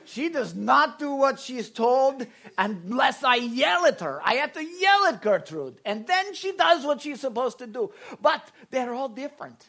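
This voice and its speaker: A man's voice: very high voice, very animated, unhurried, bright, forceful tone, pitched above the performer's own voice, heavily acted. A man voicing an old male shepherd who talks lovingly about each of his sheep. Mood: fond.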